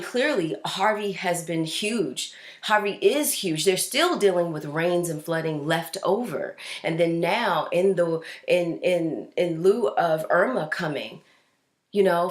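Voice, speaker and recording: A woman hosting a casual news commentary show, speaking in a fairly low voice. She talks in a chatty, loose way, with fillers and restarts. Her voice rings in an echoey room. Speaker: host.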